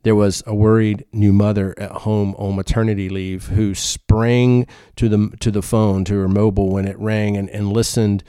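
A man's voice: fairly low pitch, little pitch movement, normal speed, few pauses, mellow, clean tone, no echo, studio quality. A man preaching a sermon in an earnest, conversational way, often repeating his words as he goes. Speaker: pastor.

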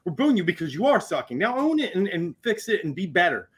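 A man's voice: sits high, very animated, fast. A man co-hosting a sports podcast, breaking down play earnestly with a few fillers. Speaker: podcast co-host. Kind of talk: casual sports talk.

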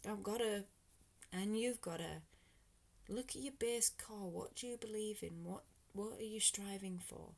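Here the British host sounds unhurried and a little mellow, her voice mid-range. In this solo, reflective episode she rambles earnestly and encouragingly, sometimes lowering to a whisper.

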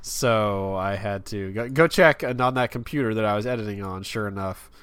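A man's voice: fairly low pitch, normal speed, a bit bright, clear, resonant tone, no echo. A man in his thirties co-hosting a podcast in casual chat, telling stories on himself with a laugh. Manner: self-deprecating, laughs while telling stories. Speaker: podcast co-host.

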